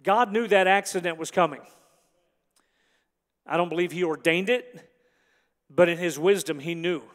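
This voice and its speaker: Pastor, male, high-pitched voice, preaching to a congregation with long hall echo. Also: moderate pace. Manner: builds from hushed reflection to emphatic preaching. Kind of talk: sermon. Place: large church hall.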